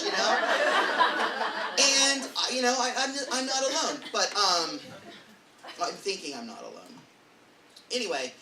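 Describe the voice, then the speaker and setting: A man's voice: high-pitched, bright, forceful tone, slight background noise. A man telling a funny personal story on stage, chatty and self-mocking, with lots of fillers. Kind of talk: live comic storytelling. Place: bar with live audience. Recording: echoey bar recording from far off.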